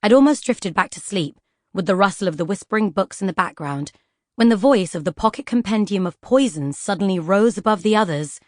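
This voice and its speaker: Expressive woman reading a children's tale. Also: medium pitch, fairly quick, no room sound, clean studio sound. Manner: storytelling, expressive. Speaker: audiobook narrator. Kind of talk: scripted children's book narration.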